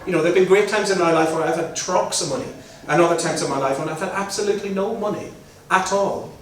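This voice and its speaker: A man's voice: high voice, quick pace. A middle-aged man with a Belfast accent, giving a chatty, joking talk to a live audience. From Northern Ireland. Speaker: guest speaker. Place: large hall with an audience. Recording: very echoey hall, mic at a distance, faint noise.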